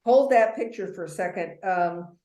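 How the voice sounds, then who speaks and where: A woman's voice: on the low side, normal speed. A woman leading a wine tasting webinar as instructor, talking in a chatty way with playful asides and plenty of ums. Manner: chatty, warm asides, many fillers. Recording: roomy echo.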